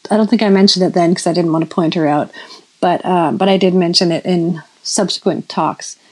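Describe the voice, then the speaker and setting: A woman's voice: lowish voice, a little fast, a little mellow, slightly rough, low-quality recording. A woman in her fifties preaching in a casual storytelling way, rambling with many restarts and self-corrections. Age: 50s. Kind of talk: sermon-style storytelling.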